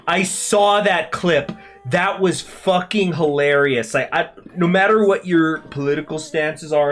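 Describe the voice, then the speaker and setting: A man's voice: medium pitch, a bit bright. A man hosting a casual gameplay video, talking to viewers in a rambling, chatty way and swearing freely. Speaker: gaming channel host.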